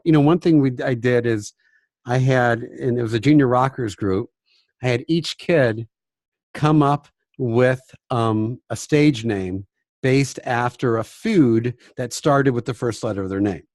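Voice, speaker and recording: A music teacher gives a casual, chatty talk on classroom behavior in a medium-pitched voice at a measured pace. Self-deprecating, he acts out classroom examples, often dropping to a hushed voice, recorded dry with studio quality.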